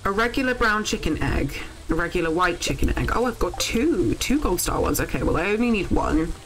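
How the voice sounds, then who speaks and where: A young woman, chatting casually while live-streaming a farming game, thinking out loud and swearing when things go wrong. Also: fairly low pitch, big pitch swings, fairly quick, faint music behind, poor audio.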